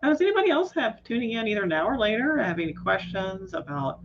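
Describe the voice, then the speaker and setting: A woman's voice: medium pitch, very animated, fast, muffled recording, background noise. A woman hosting a live video chat, conversational and affirming, asking her guest questions. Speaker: host. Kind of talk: casual live-stream chat. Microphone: video call.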